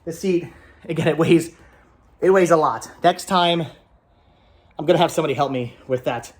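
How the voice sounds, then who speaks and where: Man, vlogger, phlegmy with a cough, a bit higher-pitched voice, rambling self-talk outdoors, camera set down nearby. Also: moderate pace, slight background noise. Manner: rambling, repeats words, self-talk while working. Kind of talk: casual vlog chat. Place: outdoors by his van.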